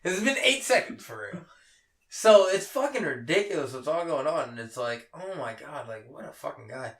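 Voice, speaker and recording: Animated man telling a story, roomy sound. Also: on the high side, normal speed, recorded from a distance. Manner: animated storytelling, heavy swearing, laughs often. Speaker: podcast co-host. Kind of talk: casual chat. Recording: roomy, off-mic echo.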